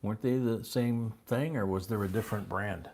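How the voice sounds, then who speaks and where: An older man hosting a live coin auction stream, chatting casually and rambling with chuckles between bid calls. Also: lowish voice. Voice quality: gravelly and husky. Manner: rambling, chuckling, calls bids in a louder slow drawl.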